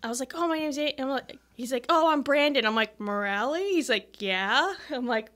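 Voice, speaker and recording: A woman, a musician guest on a podcast, chatting casually and telling an animated story with acted-out quotes and frequent laughs. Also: high voice, moderate pace. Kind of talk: casual chat.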